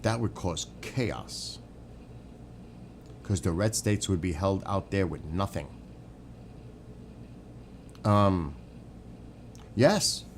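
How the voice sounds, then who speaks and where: A man's voice: lowish voice, a little hiss or hum. Man ranting casually over a stream. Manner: opinionated, rambling, swears casually; answers chat viewers by name. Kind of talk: casual live-stream commentary.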